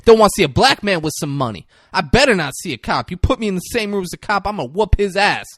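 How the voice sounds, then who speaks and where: A man's voice: sits high, very animated, fast, a bit bright, no echo, clean studio sound, pitched above the performer's own voice, full character voice. A man voicing a brash, boastful male football player in a swaggering rant.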